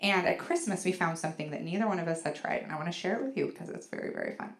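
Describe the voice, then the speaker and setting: A woman's voice: on the low side, huge pitch swings, very fast, vocal fry. A woman comedian doing a bawdy stand-up set on a club stage, storytelling with lots of "like" fillers. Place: comedy club stage before a laughing audience.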